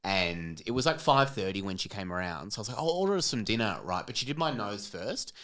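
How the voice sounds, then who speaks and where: An Australian woman co-hosting a comedy podcast, loud and playful, swearing for laughs, a little short of breath under heavy costume makeup. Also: a little fast. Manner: loud, swears for laughs, lively swings in pitch. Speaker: podcast co-host. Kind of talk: boisterous comedic chat.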